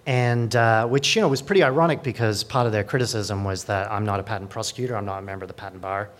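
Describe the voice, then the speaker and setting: A man's voice: on the low side, fairly even intonation, fast talker. A man, a lawyer, giving a conference talk in a dry, sardonic way with many fillers and restarts. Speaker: lawyer at a digital rights group.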